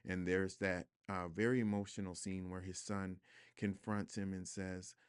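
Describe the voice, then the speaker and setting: A man with a fairly low voice talks as a guest in a studio interview. He is reflective and earnest, and at times he builds to emphatic repetition. The tone is smooth and full, and the sound is dry and close. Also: level tone, normal speed, dry recording. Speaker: guest author. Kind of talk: podcast interview conversation.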